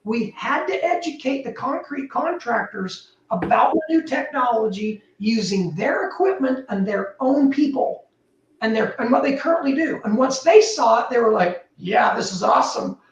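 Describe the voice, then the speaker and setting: A woman, a building technology entrepreneur, talking as a guest in a casual interview, animated and emphatic with big swings in pitch. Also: normal speed, dull audio, slight background noise. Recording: roomy, distant mic.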